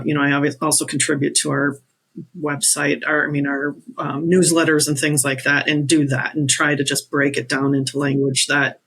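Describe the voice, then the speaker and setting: A man's voice: a little high, sharp tone. A man speaking as a podcast guest in casual chat, rambling with many restarts.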